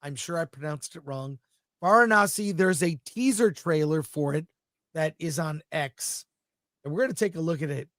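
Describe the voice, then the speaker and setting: A man's voice: a little high, normal speed, fairly bright tone, no room sound, studio quality. Chatty enthusiastic man co-hosting a film show. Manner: chatty, enthusiastic, describes images aloud. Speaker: podcast co-host. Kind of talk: casual film chat.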